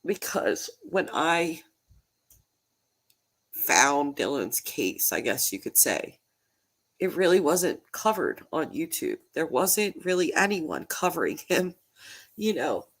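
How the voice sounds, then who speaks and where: A woman, a true crime YouTuber, talking casually on a livestream, halting and repeating words, emotional and slightly nasal from holding back tears. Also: deep voice, sing-song, husky.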